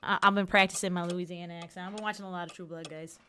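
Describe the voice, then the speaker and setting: A woman's voice: on the low side, steady tone, very fast, sharp tone, a little hiss or hum. A woman in her thirties from the United States giving giddy, giggly livestream commentary on a game. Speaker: streamer. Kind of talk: let's-play livestream commentary.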